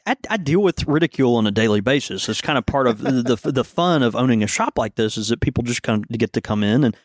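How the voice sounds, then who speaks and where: A man's voice: medium pitch, expressive, fast, no room sound, clean studio sound. A man co-hosting a casual live podcast, rambling with many fillers and restarts. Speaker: podcast co-host and shop owner. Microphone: studio microphone.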